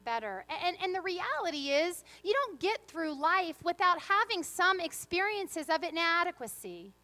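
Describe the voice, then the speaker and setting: A woman's voice: very high voice, very animated, moderate pace, pushed and bright. A woman pastor giving a sermon in a church, moving between earnest reflection and playful, humorous storytelling. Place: church sanctuary.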